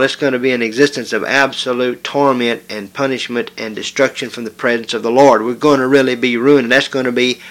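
A man with a pushed, bright mid-range voice preaches a sermon, emphatic and repetitive, leaning harder on key words as he goes. He hesitates and restarts frequently.

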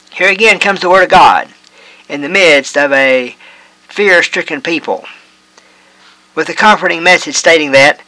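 A man with a bright, ringing tone and a slightly high voice delivers a measured Bible teaching. He reads scripture passages aloud in old-fashioned wording. The sound is dry and close, with no room around it. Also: dry recording, rough recording. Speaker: preacher.

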